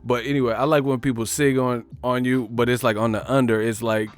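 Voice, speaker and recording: A man's voice: mid-range voice, flat delivery, fairly quick, smooth. A man from the Bay Area hosting a livestream, riffing in casual, profane slang. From San Francisco Bay Area. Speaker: livestream host.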